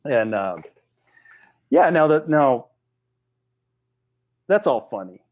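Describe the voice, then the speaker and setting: A man in his forties, a podcast guest telling a story in a casual, animated way with frequent restarts. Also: medium pitch, slow. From United States.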